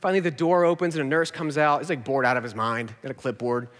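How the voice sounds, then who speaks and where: A man in his thirties, a pastor telling a story in a sermon, self-mocking and animated, acting out what people said. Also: mid-range voice, fast talker. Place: large church auditorium. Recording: hall reverb.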